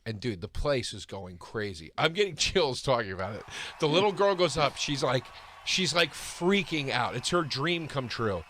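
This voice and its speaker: A man hosting a podcast, telling a story in a laughing, animated, swearing way. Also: medium pitch, brisk, no echo. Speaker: podcast host. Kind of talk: casual storytelling chat.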